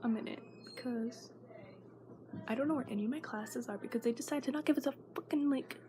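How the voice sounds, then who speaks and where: Teen girl vlogger, slightly high voice, anxious rambling talk that slips into whispers, clear background noise. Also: brisk. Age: teens. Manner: nervous, rambling, often drops to a whisper. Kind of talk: casual vlog chat.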